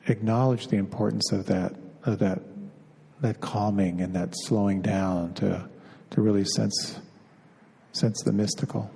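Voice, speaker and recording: A middle-aged man teaching meditation in a slow, halting way, often repeating a word as he feels for the next. His voice is low and mellow with a gravelly edge. Long reverb of a hall trails behind him. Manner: unhurried, halting, often repeats words as he searches. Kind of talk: spiritual talk.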